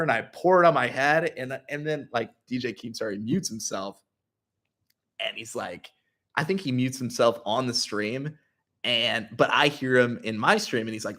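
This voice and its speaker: Young guy rambling thru an old story, animated, says like a lot, average pitch. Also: normal speed. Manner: animated, full of filler "like"s. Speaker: YouTuber. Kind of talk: casual storytelling.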